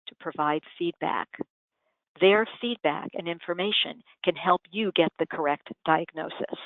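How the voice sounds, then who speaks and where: A woman's voice: fairly low pitch, no echo. A woman giving a lecture on communication, acting out vocal habits as examples. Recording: tinny phone-like dry sound.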